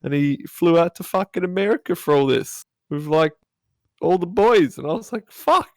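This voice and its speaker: Laid-back man with a gravelly voice. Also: a little high, normal speed, darkish tone, no room sound. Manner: laid-back, swears casually, reacts with short interjections. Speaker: podcast guest. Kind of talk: casual podcast chat.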